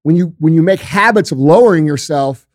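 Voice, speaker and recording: A man's voice: fairly high pitch, a little fast, no room sound, clean studio sound. A man talking casually as a guest, blunt, profane and emphatic as he gives motivational advice. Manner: emphatic and intense. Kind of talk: casual chat.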